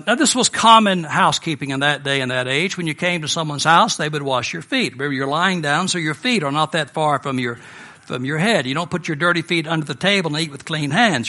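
An American man preaching a sermon in a relaxed, conversational storytelling manner with personal asides. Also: fairly high pitch. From United States.

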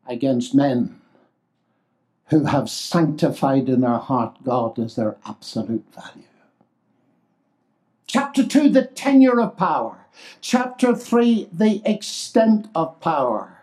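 Older guy preaching, high voice, super expressive, loud then quiet. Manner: expressive, exclamatory, swings between loud and hushed. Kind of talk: sermon.

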